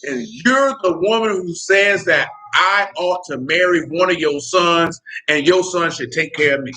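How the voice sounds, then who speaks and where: A man with a high, bright voice holds forth on his podcast. He speaks bluntly and heatedly, swears freely and keeps checking that his listeners follow him. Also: a little slow. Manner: blunt, heated, profane, keeps asking "you know what I'm saying". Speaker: podcast host. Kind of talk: casual spoken commentary.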